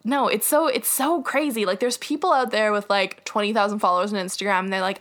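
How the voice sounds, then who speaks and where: A young woman from Canada, a podcast guest chatting over a video call, telling animated stories with lots of "like" and laughter. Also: mid-range voice, brisk, few pauses. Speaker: guest, TikTok creator. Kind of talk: casual podcast chat. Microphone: remote video call.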